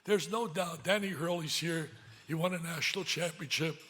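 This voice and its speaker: An older man giving an emotional gala speech, swinging from loud excitement to hushed pleading, at a podium microphone in a large banquet hall. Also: on the high side, moderate pace. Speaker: speaker at a charity gala.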